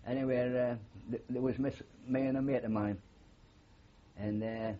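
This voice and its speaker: A man's voice: mid-range voice, fairly even intonation, normal speed, dull audio. An older man with a Geordie accent, a war veteran telling rambling stories with many fillers in an oral history interview. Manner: rambling anecdotal storytelling with frequent fillers.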